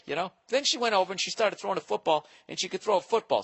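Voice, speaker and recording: A man's voice: high voice, animated, quick pace, creaky, hardly any pauses, fairly bright tone, slightly rough. A man hosting a podcast, telling a comic story in a rambling, profane, exasperated way. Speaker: podcast host. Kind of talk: comedic storytelling monologue.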